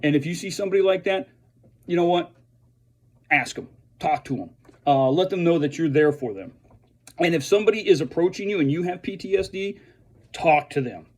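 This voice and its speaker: A man who is a veteran speaks earnestly and haltingly to fellow veterans, restarting his sentences often. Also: a little high, lively intonation, a little mellow. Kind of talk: earnest direct-to-camera message.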